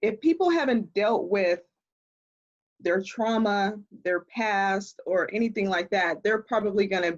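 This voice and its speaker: A woman speaking as an expert guest in a conversational interview, explaining in an animated way and laughing often, heard over a video call. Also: medium pitch, unhurried, dull audio.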